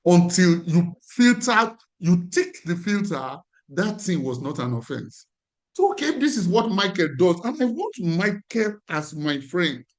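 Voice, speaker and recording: A man's voice: high voice, big pitch swings, unhurried. A man with a Nigerian accent, a life coach teaching a class in an emphatic way and repeating his key phrases.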